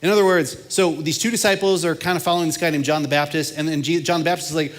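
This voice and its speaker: A young man preaching a casual, energetic sermon to students, talking conversationally. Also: fairly high pitch, fast talker, hardly any pauses. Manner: animated, conversational, acts out quotes. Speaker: youth pastor.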